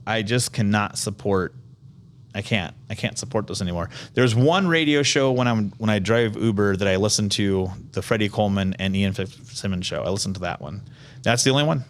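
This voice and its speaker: A man from Iowa hosting a podcast, talking casually in an animated, rambling, opinionated way. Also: lowish voice. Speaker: podcast host. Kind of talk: casual chat.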